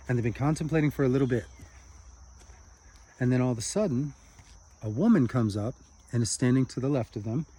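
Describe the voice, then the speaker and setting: A man preaching, telling a parable in an animated, conversational way. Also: medium pitch. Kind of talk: storytelling sermon.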